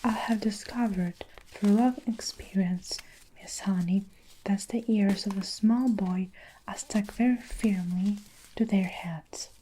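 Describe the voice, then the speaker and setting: Whispered role-play: woman voicing scornful tyrant headmistress, mellow and unhurried. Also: mid-range voice, slight background noise, close to an everyday voice, low-quality recording. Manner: barking, scornful. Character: domineering harsh headmistress, woman, middle-aged.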